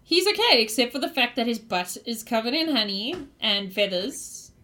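A woman running a tabletop game, narrating the scene in a lively, giggly way. Her voice sits high and bright, and her delivery stays playful throughout. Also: normal speed. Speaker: game master.

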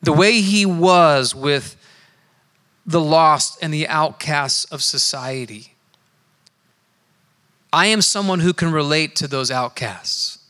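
Bright-voiced man preaching in a reverberant hall. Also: on the high side. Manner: earnest, conversational storytelling with emphatic slow stresses. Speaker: pastor. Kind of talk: sermon with personal testimony. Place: church sanctuary.

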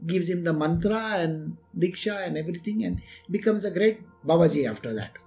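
A man with a high-pitched voice delivers a devotional discourse as a spiritual teacher. He tells stories animatedly and often turns to his listeners with rhetorical questions. Soft music plays faintly behind him. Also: lively intonation, a little fast, creaky.

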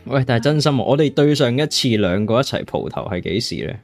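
Joking podcast host. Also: male voice, medium pitch, lively intonation, fast talker, soft background music. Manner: joking, mock Australian slang, switching between languages. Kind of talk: casual chat.

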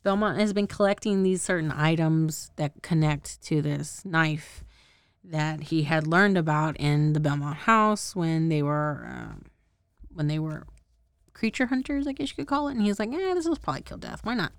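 A woman's voice: low voice, normal speed, clean tone, no room sound, clean studio sound. A woman casually recapping a show as a podcast host, rambling, swearing and often losing track of names. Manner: rambling, profane, laughs often; loses track of names and details.

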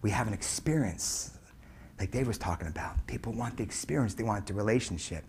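A man in his forties telling a customer service story as a keynote speaker, emphatic, swinging between loud punches and hushed asides. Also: on the low side, lively intonation, a little fast, slightly rough.

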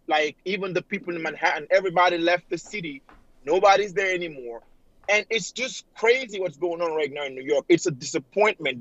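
A high-voiced man from Africa calls in to a talk show, earnest and rambling, full of fillers like "like" and "you know." His voice comes through a dry, dull phone line with a lo-fi sound. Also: fairly bright tone, no echo. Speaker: caller. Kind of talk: call-in talk show caller. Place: home in New York City. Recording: dull lo-fi phone call audio.

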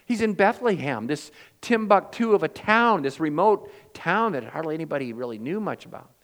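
Man, pastor, sermon, loud emphatic lines dropping to hushed tones, storytelling voice. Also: on the high side, animated, normal speed, in a large hall. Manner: dramatic swings from loud emphasis to hushed near-whispers; acts out quoted voices in storytelling.

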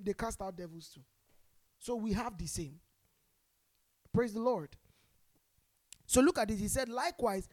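A Nigerian woman preaching a sermon, calling on the congregation to respond and swinging between loud emphasis and quiet asides. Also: sits high. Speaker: pastor.

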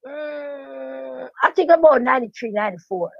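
An older Jamaican woman, a veteran dancehall DJ, telling her story in a lively patois interview with emphatic repetition. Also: high voice, moderate pace, vocal fry, dry recording. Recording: dry, dull lo-fi sound.

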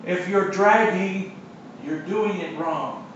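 A man's voice: high voice, slow, slight background noise. A man preaching a sermon, telling a personal story and then repeating his points with emphasis. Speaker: pastor. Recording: echoey distant lo-fi church recording.

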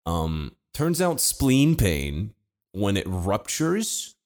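A man's voice: on the low side, huge pitch swings, very slow, a little mellow. A man casually telling a long personal story to friends, laid-back and swearing freely. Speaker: podcast co-host telling a story.

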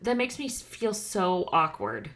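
A woman's voice: lowish voice, very animated, slow, a bit bright. A woman in casual chat, rambling a bit and self-conscious.

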